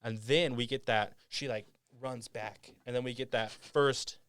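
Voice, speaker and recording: A man's voice: medium pitch, steady tone, a little slow, a bit bright, clean tone, no room sound. A man hosting a podcast, casually retelling a movie scene by scene in a rambling way. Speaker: podcast host.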